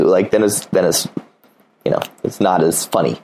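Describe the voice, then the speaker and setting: A man's voice: low-pitched, moderate pace, darkish tone, husky, poor audio. A man giving casual dating advice, blunt and profane, acting out little dialogues.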